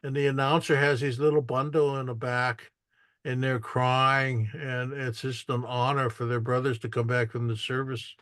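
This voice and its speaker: A man talks through his photographs in a loose, rambling storytelling manner, often restarting and acting out what people said. His voice sits at an ordinary pitch for a man. The sound is dry and close, with no room echo. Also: level tone, moderate pace, fairly bright tone. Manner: rambling, with restarts and acted-out quotes. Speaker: photographer giving an artist talk. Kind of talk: casual storytelling while showing photos.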